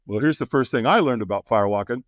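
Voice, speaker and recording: A man telling stories as a guest on a podcast, animated and quick to laugh, often acting out what others said. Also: medium pitch, dry recording, clean studio sound. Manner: animated, acts out quoted voices, laughs often. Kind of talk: casual interview storytelling.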